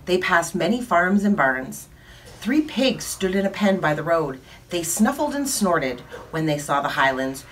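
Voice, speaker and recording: A woman reading a children's picture book aloud with lively expression. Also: lowish voice, a little slow, a little hiss or hum. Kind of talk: storybook read-aloud. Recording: distant mic.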